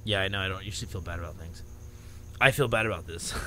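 A podcast co-host with a deep voice speaks quickly, with slight background noise. He tells a story in casual chat, animated and laughing at himself as he goes.

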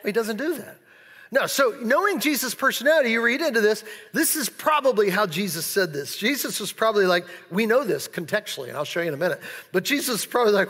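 Guy preaching in a big church hall, high bright voice, playful and animated, long echo. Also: moderate pace. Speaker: pastor. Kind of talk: sermon.

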